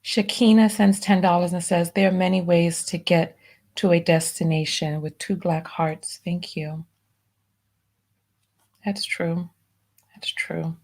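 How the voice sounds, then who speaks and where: A woman hosting a live stream, reading out viewer donation messages and softly thanking each one. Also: fairly low pitch, level tone, slow pace, pauses often. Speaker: livestream host.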